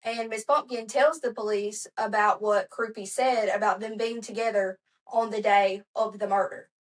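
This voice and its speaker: A woman's voice: medium pitch, fairly even intonation, normal speed, low-quality recording. A woman hosting a podcast, narrating a true crime story in a chatty, conversational way with asides. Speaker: podcast host.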